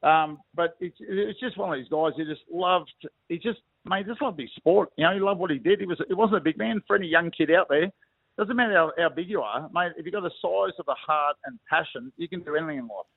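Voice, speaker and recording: Over a tinny phone line, a middle-aged Australian ex-rugby league player chats casually on the radio, reminiscing and addressing everyone as "mate". His voice runs on the high side, creaky, and he speaks briskly.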